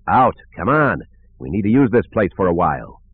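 A man voicing a gruff, hot-tempered male pilot who talks curt and snappish. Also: big pitch swings, normal speed, exaggerated voice. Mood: snappish, menacing. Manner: curt, snappish, low and threatening. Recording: narrow phone-like sound.

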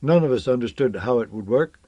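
A man narrating a science fiction novel in a measured, expressive reading. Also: medium pitch, no room sound, dull audio. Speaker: audiobook narrator.

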